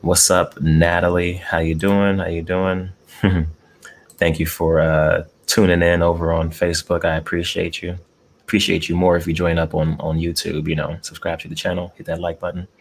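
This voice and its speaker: A man's voice: sits low, little pitch movement, moderate pace, a little hiss or hum. A man hosting a casual eating live stream from home, laid-back, greeting chat viewers and chuckling often. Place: room at home with air conditioning. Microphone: desk mic close up.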